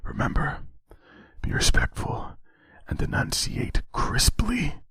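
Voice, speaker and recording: A man's voice: rumbling low, a little slow, no echo, studio quality, full character voice. A man voicing a nervous, slightly drunk young man who talks himself through a traffic stop. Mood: whispered self-coaching. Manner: anxious, talks himself into calm.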